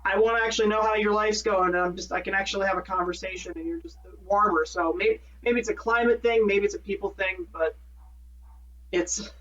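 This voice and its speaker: A man's voice: high voice, steady tone, fairly quick, bright, forceful tone. Rambling man on a distant dull mic. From Minnesota. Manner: rambling, self-correcting, laughs at own jokes. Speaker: podcast co-host. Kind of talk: casual chat.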